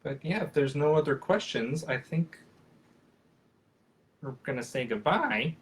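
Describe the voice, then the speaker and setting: A man's voice: fairly high pitch, expressive, unhurried, fairly bright tone. A man in his thirties, a professional puppeteer, answering questions in a casual live video chat and rambling with many fillers and restarts.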